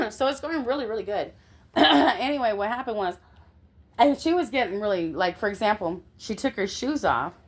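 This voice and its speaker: A middle-aged woman telling a personal story in an animated way, often checking in with the listener. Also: a little high, normal speed. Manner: animated, constantly checks in with "okay?".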